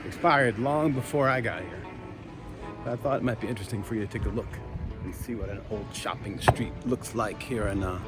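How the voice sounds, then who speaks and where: A man's voice: lowish voice, fairly quick. An American man vlogging casually while walking outdoors, musing aloud as he shows the camera around the countryside. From United States. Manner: relaxed, musing, talks to camera while exploring. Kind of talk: casual walking vlog narration. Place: outdoors, rural streets and tea fields. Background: background music.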